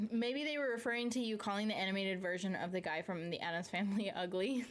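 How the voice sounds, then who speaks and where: A medium-pitched, brisk woman from the Southern United States chats casually during a live stream. She reads viewer comments and answers them ramblingly, swearing without restraint and laughing mid-sentence, with slight background noise behind her.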